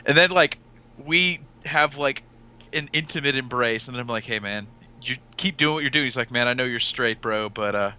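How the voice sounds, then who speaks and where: A man's voice: medium pitch, moderate pace, sharp tone, clear, resonant tone. A man hosting a casual podcast, telling a long anecdote and acting out the quoted lines. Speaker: podcast host.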